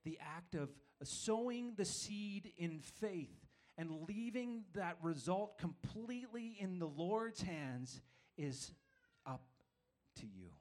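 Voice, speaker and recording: A man delivers a sermon built around a personal anecdote. His voice sits somewhat high. He tells it with self-deprecating humor and often restarts his phrases. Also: expressive, slow pace, darkish tone. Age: adult father of young children. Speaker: preacher.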